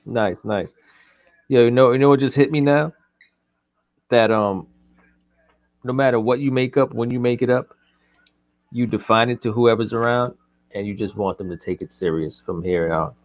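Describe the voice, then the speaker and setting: A man's voice: medium pitch, normal speed, pauses often, no echo, highs cut off. Joking man telling loose stories. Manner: loose, joking storyteller, laughs often. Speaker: co-host. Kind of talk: casual chat.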